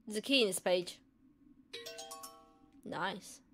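A woman's voice: medium pitch, takes it slowly, fairly bright tone, soft background music. A young woman playing a horror game and commenting in a joking, self-mocking way. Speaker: gamer. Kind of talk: let's play commentary.

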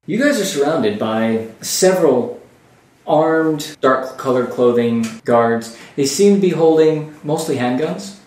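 Man, game master, deliberate narration, roomy echo, distant mic. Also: on the high side, expressive, darkish tone.

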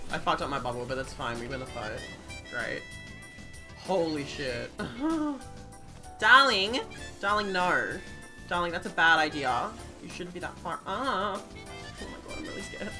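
A young woman in her twenties streaming a game, swinging from low muttered commentary to shrieking apologies. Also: very animated, slow pace, sharp tone, soft background music. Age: 20s. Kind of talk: live gameplay commentary.

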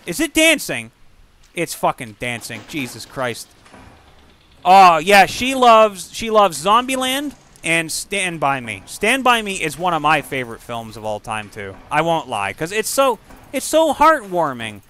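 Guy doing lets play commentary, high bright voice, swears a lot, gets loud n excited. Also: moderate pace. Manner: excitable, profane, yelling at enemies. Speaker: gamer commentator. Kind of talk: casual gameplay commentary.

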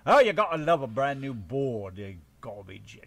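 A man's voice: medium pitch, very animated, moderate pace, a bit bright, no room sound. An American man co-hosting a casual radio show, joking, swearing freely and hamming up a mock British voice.

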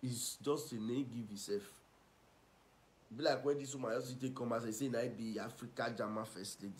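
A man's voice: medium pitch, fairly even intonation, fairly quick. Mocking man ranting in Nigerian Pidgin. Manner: mocking, scolding, swings loud and soft. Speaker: online commentator. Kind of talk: ranting gossip commentary.

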